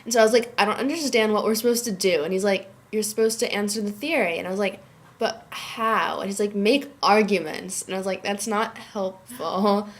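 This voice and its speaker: A woman's voice: mid-range voice, rapid-fire, hardly any pauses. A teenage girl who is sick and tired, chatting casually to her webcam from a dorm room and filling every phrase with "like". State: sick and worn out. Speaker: vlogger. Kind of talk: casual chat to camera. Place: dorm room at a summer camp.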